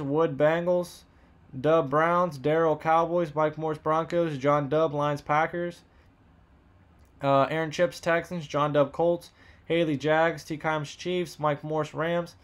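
A man hosting a live card box break, rattling off buyer names and teams in quick upbeat banter while losing his voice. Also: a little high, steady tone.

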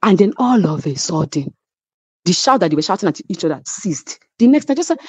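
A woman's voice: lowish voice, sing-song, brisk, a little mellow, slightly rough, dry recording. A woman with a Nigerian English accent, a reality show cast member telling a story emphatically as a guest. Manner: emphatic, acts out others' quoted lines. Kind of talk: animated storytelling.

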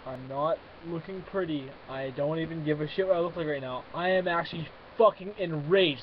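A young man venting in an angry, profane rant to camera, swinging between loud outbursts and muttering. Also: fairly high pitch, a little fast, hardly any pauses, lo-fi sound, slight background noise. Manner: swears constantly, shifts between fuming shouts and muttering. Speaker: vlogger.

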